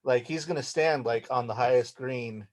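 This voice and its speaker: A man's voice: medium pitch, moderate pace. A man playing in a tabletop game, laid-back and drawling. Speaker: player. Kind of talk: casual tabletop role-play.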